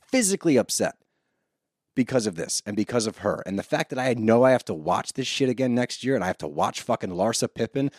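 A man's voice: mid-range voice, sing-song, fairly quick, darkish tone, dry recording, studio quality. A man co-hosting a podcast, ranting profanely in a heated casual recap chat. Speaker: podcast co-host.

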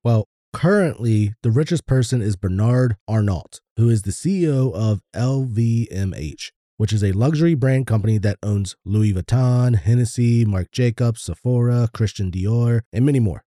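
Casual male podcast co-host, deep dark timbre, laid-back delivery with loose swearing. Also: expressive, moderate pace, hardly any pauses, no echo, studio quality.

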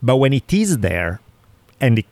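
A man's voice: medium pitch, sing-song, a little slow, a little mellow, no room sound. A man hosting a podcast, talking bluntly and swearing in casual conversation. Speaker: podcast host.

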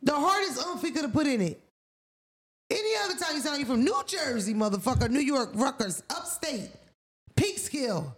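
A man's voice: very high-pitched, normal speed. A man co-hosting a casual podcast chat, telling stories bluntly and profanely with lots of energy. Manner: blunt, profane, animated storytelling. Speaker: podcast co-host.

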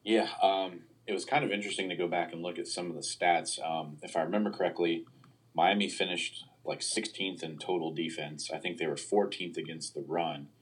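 A man with a very deep, husky voice talks through a sports roster in a relaxed podcast chat. His delivery stays flat and even, and he often pauses on fillers while he weighs his points. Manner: hedging, analytical, frequent "you know" and "um". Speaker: sports analyst guest. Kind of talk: casual football podcast chat.

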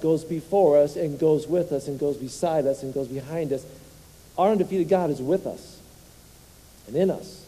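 A male pastor preaches to his congregation, with a fairly high but very dark, mellow voice and a husky edge. He throws questions at the crowd and has them answer back. The sound rings out with a long reverb, as from a church sanctuary. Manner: leads the congregation in call-and-response; asks rhetorical questions to the crowd. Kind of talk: sermon.

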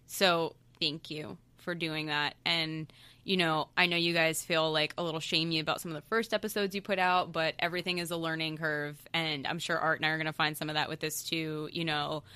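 A woman's voice: sits low, little pitch movement, brisk, sharp tone, clean tone, no room sound. A woman guest chatting casually on a podcast, laughing often and saying "like" a lot. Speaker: guest, TV show co-star.

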